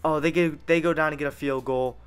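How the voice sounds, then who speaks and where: A young man giving live commentary over his football video game, narrating each play as it happens and reacting with excitement. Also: on the high side, brisk, clean tone, soft background music. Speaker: gaming YouTuber.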